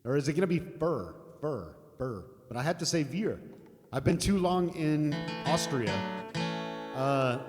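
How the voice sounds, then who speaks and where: A man's voice: fairly high pitch, normal speed. An older American man chatting casually with viewers on a live music stream, rambling and laughing, with some swearing. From United States. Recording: long reverb, guitar music behind.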